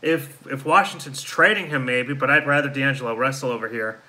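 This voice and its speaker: Sounding let down and worn out, yawning as he goes, a man hosting a live fan show answers viewer comments in casual talk. His mid-range voice is sharp and a little fast, and the recording is rough.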